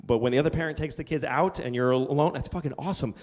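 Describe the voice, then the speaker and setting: A middle-aged man doing a stand-up comedy set, ranting and profane, now and then shouting in put-on voices. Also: on the high side, very fast. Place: comedy stage before a live audience. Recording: live hall with long reverb, faint crowd.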